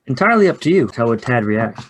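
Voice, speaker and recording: A man casually running a two-player tabletop game, chatty and quick to laugh. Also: medium pitch, big pitch swings, slight background noise. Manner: chatty, laughs often, loose. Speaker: game facilitator. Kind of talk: casual actual-play chat.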